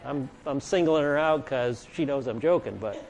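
Speaking at a normal pace in a creaky, darkish mid-range voice, a man leads a conversational Bible lesson. He reads scripture aloud with emphasis, asks his listeners questions, and jokes with them.

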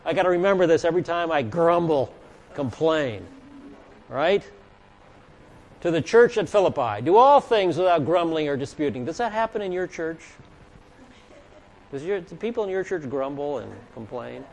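A man's voice: on the high side, a little mellow. A man teaching a Bible lesson in a conversational way, reading scripture aloud with emphasis and questioning and joking with his listeners. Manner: asks the audience questions and jokes with listeners.

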